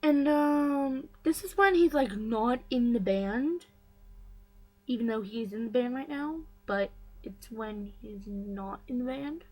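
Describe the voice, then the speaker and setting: A woman vlogger retells a story in a slightly high voice. She is chatty and gossipy, and her talk is full of fillers and quick side comments. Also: darkish tone, poor audio. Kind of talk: casual story recap.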